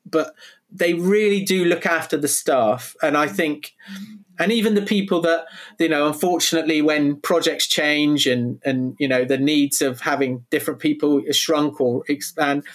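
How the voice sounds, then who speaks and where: A man's voice: fairly high pitch, fairly even intonation, normal speed. A middle-aged man, talking as an interview guest in an enthusiastic, rambling way, full of restarts and tangents. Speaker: guest, video producer. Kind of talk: casual interview chat.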